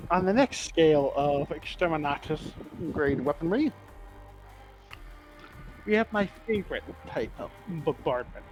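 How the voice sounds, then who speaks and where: A man's voice: on the high side, poor audio. A man hosting a casual lore podcast, enthusiastic and profane, quizzing his co-hosts. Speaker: podcast host.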